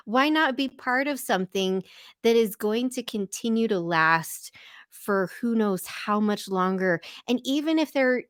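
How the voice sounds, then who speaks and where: A woman on a podcast co-host panel, chatting casually and lively, acting out little quotes. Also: medium pitch, normal speed, clean tone, no room sound, clean studio sound. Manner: lively, acts out quotes in voices. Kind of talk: casual fan discussion.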